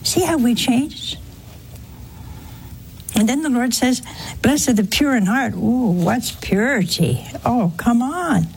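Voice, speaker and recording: A woman's voice: on the high side, expressive, takes it slowly, creaky, long pauses, a little hiss or hum. A woman preaching a sermon in a conversational way, asking rhetorical questions and acting out quoted exchanges.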